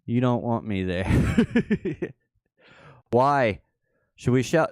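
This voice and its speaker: Slow, playful man hosting a livestream. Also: medium pitch, big pitch swings, darkish tone, no echo, studio quality. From Southern United States. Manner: playful, joking, laughs often. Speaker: livestream host. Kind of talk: casual livestream chat.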